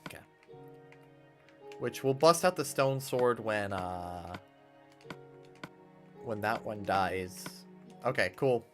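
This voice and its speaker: Casting note: laid-back male streamer, slow and chatty, with an animated pitch and faint game music behind him. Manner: nostalgic, chatty, thinking aloud with restarts. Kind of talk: casual gameplay commentary.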